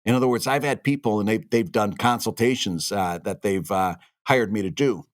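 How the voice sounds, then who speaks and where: A man's voice: fairly low pitch, moderate pace, no room sound, clean studio sound. A man co-hosting a cartoonists' podcast, giving emphatic, opinionated advice in casual shop talk.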